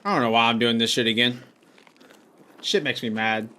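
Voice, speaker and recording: A man's voice: medium pitch, moderate pace, sharp tone, slight background noise. A man streaming a game live, talking casually to his chat, frustrated and swearing as he rambles.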